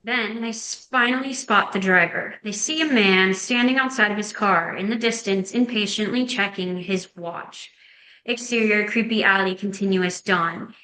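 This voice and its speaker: Woman narrator, screenplay action lines, crisp bright tone, roomy echo. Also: mid-range voice, moderate pace. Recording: echoey room.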